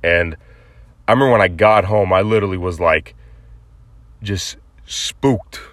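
A man's voice: sits low, a little slow, a bit bright, no echo. A man hosting a podcast, telling a personal story casually, rambling with many fillers and restarts. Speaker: podcast host.

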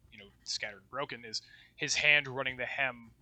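Male co-host with a bright, sharp timbre; loose, rambling conversational delivery. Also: medium pitch, brisk. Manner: loose and rambling, with restarts and swearing. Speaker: podcast co-host. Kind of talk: casual discussion of poetry.

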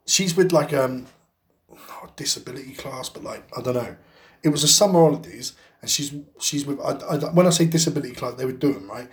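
A man's voice: medium pitch, fairly quick. A man co-hosting a podcast, telling a rambling anecdote in casual chat, swearing constantly and laughing as he goes. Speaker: podcast co-host.

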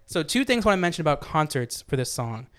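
A man's voice: on the high side, big pitch swings, fast talker, fairly bright tone, clear, resonant tone. A young man rambling enthusiastically in a casual music review chat, full of fillers. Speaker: podcast co-host.

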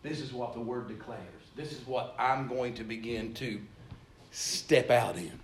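Storytelling preacher in an echoey hall. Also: male voice, mid-range voice, unhurried. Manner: storytelling, rambling, rising to loud exhortation. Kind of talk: sermon. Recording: echoey room, distant mic, faint noise.

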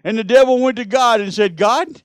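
A man's voice: very high voice, moderate pace, clean tone, no echo, studio quality. A middle-aged man, preaching a sermon and telling Bible stories with rising, emphatic peaks. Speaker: pastor.

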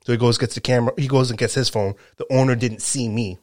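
A truck driver telling a work story in casual chat, animated and profane. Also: male voice, medium pitch, quick pace, dry recording, studio quality. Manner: animated, profane, acts out quotes.

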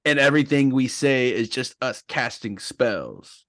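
A man's voice: medium pitch, lively intonation, unhurried, a bit bright, no room sound, studio quality. A man co-hosting a casual podcast, playful and joking with asides. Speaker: podcast co-host. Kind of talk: casual chat.

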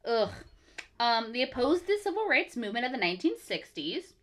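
A woman co-hosting a casual podcast, chatting with lively swearing and reading quotes aloud. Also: a little high, fairly quick. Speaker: podcast co-host.

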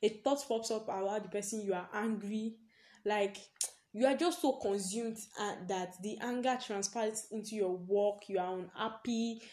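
Her voice is mid-range and warm, moving at a moderate pace. On her podcast, this young host shares a personal story in a relaxed, chatty way, frequently laughing and relying on "basically."

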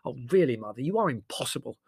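A man's voice: medium pitch, expressive, normal speed, no echo, clean studio sound, voice pushed up, close to an everyday voice. A man doing a sarcastic, theatrical young man. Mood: exasperated. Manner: dramatic, sarcastic, exasperated. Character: sardonic, theatrical young English writer, the eldest son.

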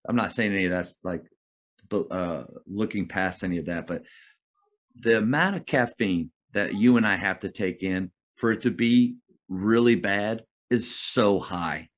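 A man's voice: lowish voice, a little slow. A man hosting an interview, chatty and rambling, often stumbling over his words. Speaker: host. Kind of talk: casual interview chat.

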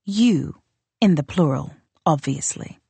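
A woman's voice: low voice, animated, slow pace, vocal fry, dark tone, husky, no echo, heavily acted. Woman reading as a drawling, amused ruler. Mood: dry amused. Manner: drawling, light, understated. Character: imperious woman ruler, lightly amused, veiled threat. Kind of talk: audiobook character reading.

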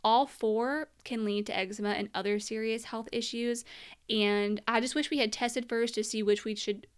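A woman's voice: a little high, fairly even intonation, moderate pace, smooth. A young woman telling her personal story as a mother in an earnest, emotional monologue, at times close to tears.

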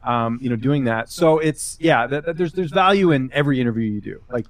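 A man's voice: mid-range voice, lively intonation, brisk, no echo. A man who works as a fight-sport journalist, a guest on a podcast, chatting casually and telling rambling stories full of filler words. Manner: rambling, filler-heavy storytelling with advice.

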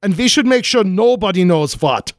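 A man's voice: sits high, expressive, moderate pace, no room sound, clean studio sound. A man playing a jumpy, evasive young knight in a 1940s-style radio play. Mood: sly. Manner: nervous, evasive, panicky outbursts.

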